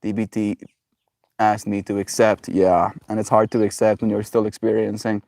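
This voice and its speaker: A man's voice: lowish voice, flat delivery, normal speed, gravelly, a little mellow, no room sound, clean studio sound. A man live-streaming from home, chatting casually with viewers in a rambling way, full of fillers and frequent laughter. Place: at home with pets.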